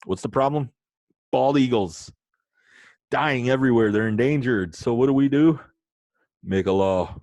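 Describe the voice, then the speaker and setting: A man's voice: medium pitch, measured pace, long pauses, dry recording. A man teaching an online lesson in a playful, joking way, talking straight to his students. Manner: joking, animated, talks to students directly.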